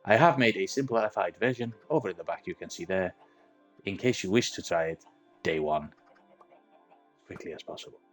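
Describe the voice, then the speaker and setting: A man's voice: deep voice, moderate pace, long pauses, faint music behind. A man presenting a game tutorial voice-over, explaining the steps one by one in an accent he admits keeps wandering. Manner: methodical step-by-step explaining.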